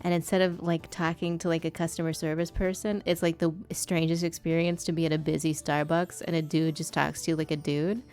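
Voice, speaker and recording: A woman's voice: deep voice, little pitch movement, fairly quick, hardly any pauses, a little mellow. A woman streamer chatting casually while she draws, swearing freely and now and then putting on a polite customer-service voice.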